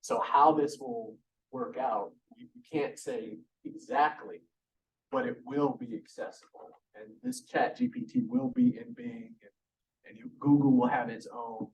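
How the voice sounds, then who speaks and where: A man's voice: medium pitch, expressive, a little slow, creaky, darkish tone. Man chiming in at a conference. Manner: anecdotal, conversational. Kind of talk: conference talk. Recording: distant mic.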